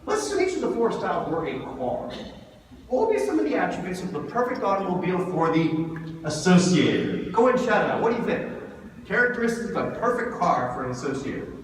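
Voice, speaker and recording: A man giving a lively seminar talk, asking the audience questions, recorded from far off in a hall. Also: sits high, fast, slight background noise. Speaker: speaker.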